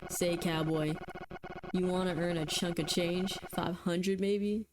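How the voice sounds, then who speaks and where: A woman voicing a thin, creepy elderly man with a put-on Southern drawl, slow and wheedling. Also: fairly low pitch, fairly even intonation, background noise. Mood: coaxing.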